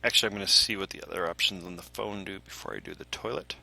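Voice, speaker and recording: A man's voice: deep voice, fast talker, vocal fry, very noisy. Rambling jokey gamer guy. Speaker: let's play gamer. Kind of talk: game commentary. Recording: loud game music behind.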